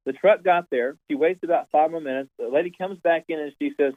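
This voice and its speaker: Pastor guy on a tinny phone line, kinda high voice, animated storytelling. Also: fairly quick, no echo. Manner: animated, repeats words while telling a story. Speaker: pastor, guest. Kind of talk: conversational storytelling.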